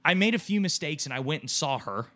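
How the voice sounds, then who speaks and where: Co-host, man in his 30s, bright voice pitched a touch high, candid rambling storyteller. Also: sing-song, fast talker. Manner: rambling, emotional storytelling with restarts and swearing. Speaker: podcast co-host. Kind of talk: candid casual chat.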